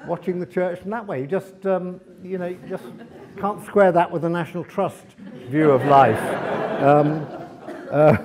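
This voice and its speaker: A man speaking as a guest author at a library event, telling lively travel anecdotes to an audience, with many fillers and restarts. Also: high voice, a little slow. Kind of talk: anecdotal talk to a live audience.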